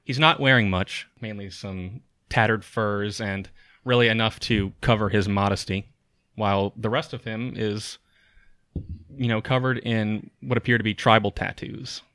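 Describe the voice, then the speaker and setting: A man running a tabletop game as game master, narrating scenes in a descriptive way with frequent pauses and fillers. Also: lowish voice, steady tone, a bit bright, no room sound, studio quality.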